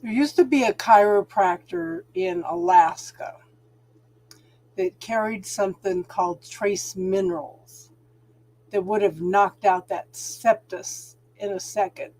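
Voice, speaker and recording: A woman's voice: mid-range voice, slow pace, darkish tone. A middle-aged woman hosting a casual spiritual talk stream, chatting sympathetically with viewers and calling them hun.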